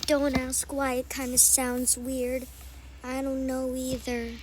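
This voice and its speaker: A woman's voice: sits high, completely flat delivery, slow, noisy background. A young female video maker chatting casually and rambling to viewers, recorded without a proper microphone. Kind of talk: casual chat. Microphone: no microphone, device mic.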